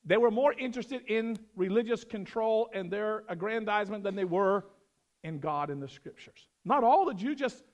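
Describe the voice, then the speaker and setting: A middle-aged man preaching a verse-by-verse sermon, swinging from loud emphatic lines to quiet, dropped asides. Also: high voice, expressive, normal speed. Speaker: pastor.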